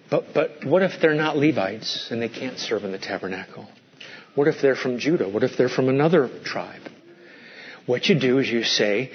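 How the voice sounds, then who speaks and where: A pastor preaching a sermon, animated, his voice jumping up when he gets excited. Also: medium pitch, a little fast, husky, muffled recording.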